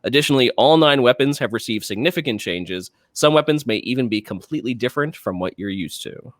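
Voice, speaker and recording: A man's voice: mid-range voice, expressive, fast talker, no echo. Man casually chatting on a gaming podcast. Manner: reads patch notes aloud, chatty with restarts. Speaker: podcast co-host.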